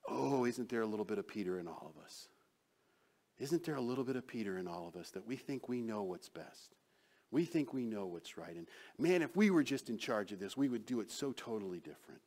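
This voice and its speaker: A man preaching a sermon as pastor, acting out quoted lines with sudden swings from loud to soft. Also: medium pitch, sing-song, a little fast.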